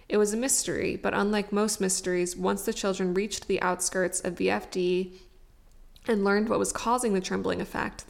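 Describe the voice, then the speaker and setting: Gravelly-voiced woman podcast co-host. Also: medium pitch. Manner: reads aloud, then chats with fillers like "like". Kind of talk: casual book discussion podcast.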